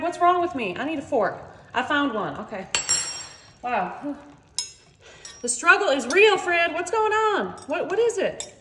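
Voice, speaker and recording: A woman chatting playfully through a home cooking demonstration, talking to viewers as y'all. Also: high voice. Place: home kitchen. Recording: echoey kitchen with faint noise.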